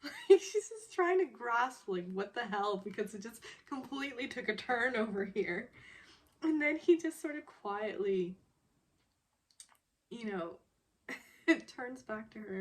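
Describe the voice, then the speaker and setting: A woman's voice: a little high, lively intonation, a little slow. A young adult woman casually recapping a TV drama episode, laughing often as she quotes the characters' lines. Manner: giggly, retells scenes by quoting characters.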